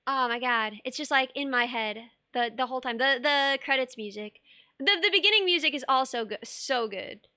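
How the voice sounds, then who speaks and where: A woman's voice: sits high, normal speed, sharp tone, smooth, no echo, studio quality. A young woman streaming live, chatting casually while she sculpts, bubbly and rambling, laughing often and reading chat aloud.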